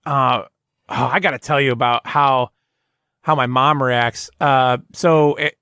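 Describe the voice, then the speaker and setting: A man's voice: mid-range voice, fairly even intonation, a little slow, pushed and bright, clear, resonant tone, no echo, studio quality. Rambling male podcast host. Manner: rambling, self-interrupting storyteller. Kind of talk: casual chat.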